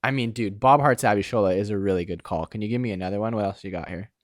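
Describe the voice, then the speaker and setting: A man's voice: fairly low pitch, quick pace, no echo, clean studio sound. A young man co-hosting a podcast, talking in a loose, casual way and saying "dude" and "like" often. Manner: laid-back, says "dude" and "like" a lot. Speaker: podcast co-host. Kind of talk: casual chat.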